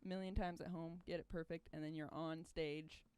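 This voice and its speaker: A woman's voice: sits low, flat delivery, fairly quick, a little mellow, clear, resonant tone, no room sound. A woman chatting casually, agreeable and laughing often, with short replies. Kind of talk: casual chat.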